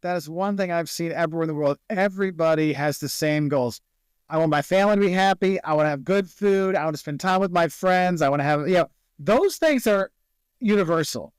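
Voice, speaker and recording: A man's voice: fairly high pitch, brisk, clear, resonant tone, no echo. A man, a travel video creator guest in a casual podcast interview, telling stories and acting out the people he quotes.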